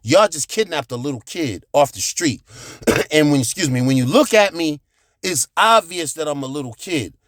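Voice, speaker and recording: A man telling a profane childhood story, animated, with sound effects and shouted reenactments. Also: a little high, moderate pace, no echo, studio quality. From United States.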